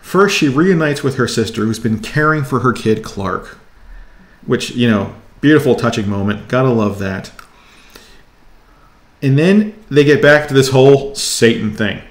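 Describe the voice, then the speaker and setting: An enthusiastic man reviews his new comics in a casual, chatty way. His voice sits at an ordinary middle pitch. A noticeable room echo surrounds it. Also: measured pace. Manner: enthusiastic, excitable.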